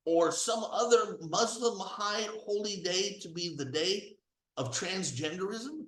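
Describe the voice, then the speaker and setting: A man giving an emphatic religious and political commentary monologue, rising to near-shouts when indignant. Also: high voice, a little slow, echoey room, low-quality recording. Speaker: commentary host.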